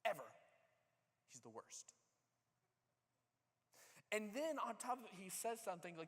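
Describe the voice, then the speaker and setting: A man preaching, his slightly high voice ringing with the long reverb of a large church hall. He tells the story in a lively, casual way and acts out what each character says. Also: normal speed, long pauses. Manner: animated storytelling, acting out characters' lines. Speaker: pastor. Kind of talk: sermon. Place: church sanctuary.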